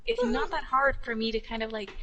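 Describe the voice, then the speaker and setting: A woman's voice: sits high, big pitch swings, a little fast, lo-fi sound, crowd noise. A young woman co-hosting a casual podcast about roleplay, chatty and laughing often, with many fillers. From Hispanic background. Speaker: podcast co-host.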